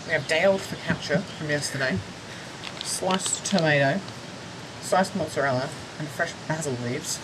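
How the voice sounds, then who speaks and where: A young woman vlogging on a hiking trip, calmly walking viewers through her day. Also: low voice, normal speed, background noise. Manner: relaxed, explaining step by step. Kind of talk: casual travel vlog chat.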